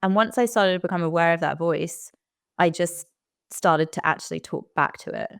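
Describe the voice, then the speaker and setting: Low-voiced woman, smooth. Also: normal speed, no room sound, clean studio sound. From United Kingdom. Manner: candid, reflective storytelling. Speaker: interview guest. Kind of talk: casual interview conversation.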